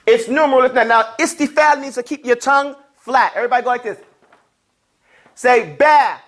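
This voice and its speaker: Teaching Arabic and recitation, a man speaks fairly quickly in a very high-pitched, somewhat bright voice. He explains things patiently and has the class say each word back to him in turn.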